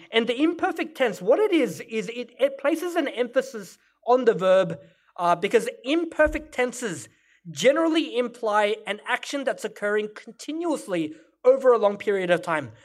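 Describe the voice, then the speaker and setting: A male pastor delivering a sermon, explaining scripture and Greek word meanings in a teaching manner. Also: extremely high pitch.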